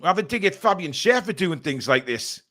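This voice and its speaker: A man hosting a live fan watchalong, calling the match play by play and reading viewer messages, partisan and quick to outrage. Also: high voice. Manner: excitable, shouts at big chances and bad calls; indignant, partisan.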